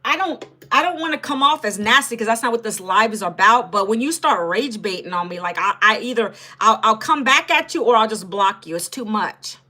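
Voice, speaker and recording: Talking straight to her livestream viewers, a Northern Virginia woman in her fifties keeps things casual. She speaks briskly with few pauses, in an animated, sharp voice that sits on the high side.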